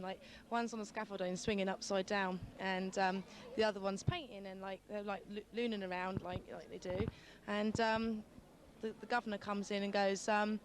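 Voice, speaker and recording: A woman stopped on the street, telling a rambling joke full of ums. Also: mid-range voice.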